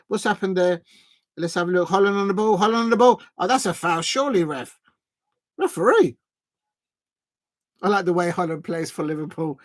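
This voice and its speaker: This fan stream host has a voice that sits high, recorded with no room sound. He casually commentates a live watch-along, riddled with fillers and restarts, chatting with viewers and reading out and thanking them.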